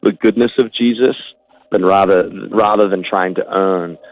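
A man, a musician guest, speaking candidly in casual interview chat, halting often with fillers. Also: low-pitched, steady tone, dry recording, soft background music. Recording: dry, phone-like sound.

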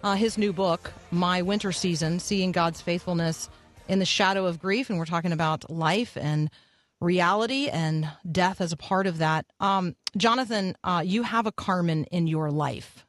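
A man's voice: high voice, moderate pace, a bit bright, dry recording, soft background music. A man hosting a radio interview, asking long questions with frequent ums. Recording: dry close mic.

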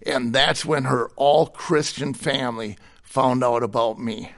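A man's voice: medium pitch, measured pace, creaky. A middle-aged man giving a personal testimony in conversation, candid and plainspoken, with a chuckle between stories. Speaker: guest sharing his testimony.

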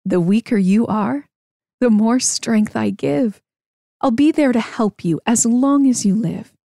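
A woman voicing a calm, wise and kind man in a rhyming storybook read-aloud, slow and reassuring. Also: medium pitch, husky, no room sound, studio quality. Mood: gentle. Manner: gentle, slow, reassuring rhyme.

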